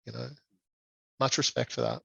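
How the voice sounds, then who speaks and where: A man being interviewed as a guest, speaking in a reflective, measured way with frequent ums. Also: no echo, muffled recording. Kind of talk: conversational interview.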